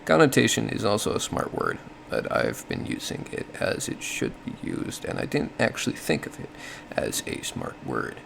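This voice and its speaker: A man's voice: on the low side, huge pitch swings, moderate pace, gravelly, few pauses, noisy background. A man giving a casual explanatory monologue, thinking aloud with frequent self-corrections and small laughs. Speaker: solo podcast host.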